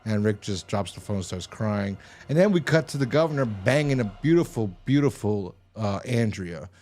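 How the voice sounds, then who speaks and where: A man's voice: on the low side, animated, normal speed, a little mellow. A man casually recapping a TV episode, rambling and swearing, with exasperated asides. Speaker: TV episode reviewer.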